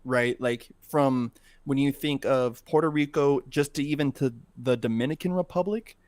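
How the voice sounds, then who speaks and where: A young man hosting a podcast, chatting casually in a relaxed, slangy way with laughs. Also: mid-range voice, moderate pace, dry recording, studio quality. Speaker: podcast host.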